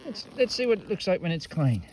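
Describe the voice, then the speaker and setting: An excitable Australian man chats through his metal detecting finds in a casual vlog, tossing out slang as he goes. His voice sits a touch high and swings up and down with lively energy. Faint outdoor noise hangs behind him. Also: quick pace. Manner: excitable, full of Aussie slang. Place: outdoors at an old rubbish dump.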